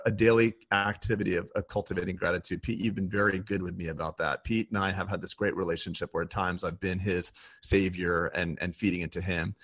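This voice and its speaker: A man in his forties with a low, gravelly voice and a husky edge co-hosts a candid podcast chat. He talks in a reflective, unguarded way, swearing freely as he makes his points. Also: a bit bright. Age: 40s. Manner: blunt, profane and reflective. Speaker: podcast co-host.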